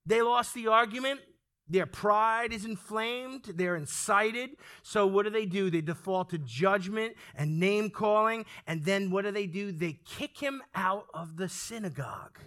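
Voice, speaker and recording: Animated preacher, high bright man's voice. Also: measured pace. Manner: animated, calls for amens, acts out quoted lines. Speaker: pastor. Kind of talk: sermon. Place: church sanctuary with congregation.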